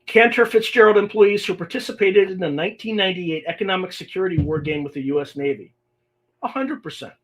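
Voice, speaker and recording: A man's voice: high voice, fast. A man hosting a livestream podcast, talking casually and reading emails aloud with exasperated, sarcastic asides. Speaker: podcast host.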